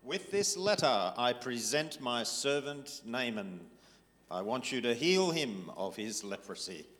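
A man's voice: mid-range voice, very animated, a little slow, a bit bright. A man reading aloud the formal lines of a commanding king, in an echoing hall. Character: commanding adult male king. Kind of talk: reading a scripted part aloud. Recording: reverberant hall.

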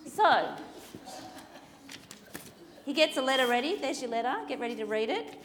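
A woman telling a Bible story to children in a lively, playful way, acting out the characters. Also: sits high, normal speed. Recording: reverberant hall with faint ambient noise.

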